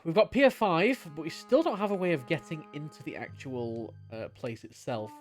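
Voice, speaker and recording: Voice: medium pitch, normal speed, soft background music. A young adult streamer chatting casually and playfully with mock-melodramatic flair while playing a game. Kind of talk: casual live-stream commentary.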